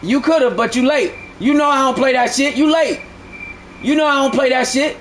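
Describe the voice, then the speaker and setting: A man's voice: very high-pitched, normal speed, fairly bright tone, slight background noise. A man streaming live who argues heatedly with his chat, repeating himself and swearing a lot. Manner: heated, repetitive, profane arguing.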